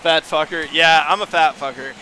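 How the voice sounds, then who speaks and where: A man's voice: fairly high pitch, fairly even intonation, moderate pace, pushed and bright, a little hiss or hum. A man streaming a video game, chatting casually and rambling to his viewers. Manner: rambling, chatty, reads chat aloud. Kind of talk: casual gaming stream chat.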